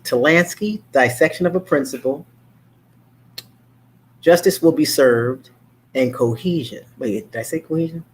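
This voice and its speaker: A man's voice: mid-range voice, a little slow, long pauses, husky. A man hosting his own talk show, chatting in a casual, rambling monologue full of fillers and restarts. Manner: mimics others' voices in animated quotes.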